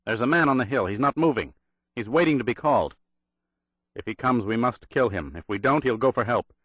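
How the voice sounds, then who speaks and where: A man's voice: mid-range voice, animated, brisk, a bit bright, no room sound, muffled recording. A man voicing a tense Russian agent on the run, speaking with urgent intensity in an audiobook thriller. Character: tense male Russian agent hiding in hills.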